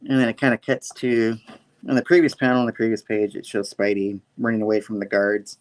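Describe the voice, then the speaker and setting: A man's voice: fairly low pitch, flat delivery, brisk. A man hosting a casual comic book review, retelling the story playfully with sound effects. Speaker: host.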